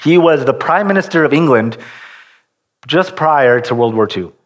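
A man's voice: on the high side, expressive, normal speed. A man preaching a sermon in an earnest way, often restarting sentences and drawing out key words. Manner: restarts and rephrases mid-sentence.

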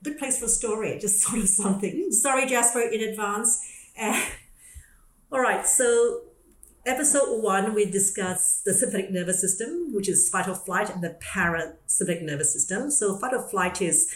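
An Australian woman hosting a podcast, explaining ideas in a lively, casual way with frequent laughs. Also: mid-range voice, normal speed. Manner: lively, laughs often, self-deprecating. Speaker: podcast host. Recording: roomy echoey room.

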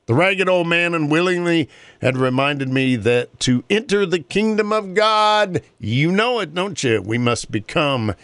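A man's voice: on the high side, expressive, measured pace, fairly bright tone, no room sound. Earnest man with a dry close voice. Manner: earnest, conversational. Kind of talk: reading a story aloud, then casual talk.

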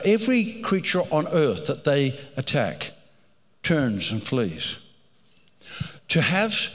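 A man's voice: fairly high pitch, a bit bright, long reverb tail. A man preaching a sermon, telling stories with animation and repeating phrases for emphasis.

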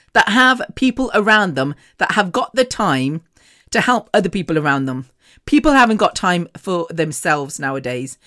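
This podcast host's voice is on the low side yet a bit bright as she tells a personal story. It's a casual monologue, delivered frankly and chattily, with plenty of laughter between sentences.

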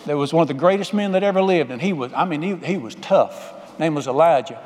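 A man's voice: a little high, lively intonation, fast, darkish tone. A man preaching a folksy, emphatic sermon, calling out to the congregation for amens. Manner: call-and-response, folksy and emphatic. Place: church sanctuary. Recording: long hall reverb.

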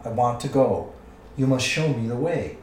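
A man's voice: medium pitch, expressive, moderate pace, far from the mic, slight background noise, lightly acted. A man voicing a small, anxious hobbit who tries to sound bold and cheerful. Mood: forced bold. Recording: echoey room, away from the mic.

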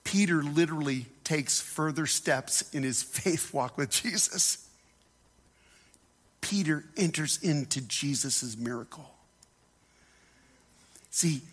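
A man preaching a sermon as a pastor, animated and dramatic, acting out scripture voices and dropping to hushed tones. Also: mid-range voice, slightly rough. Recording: long hall reverb.

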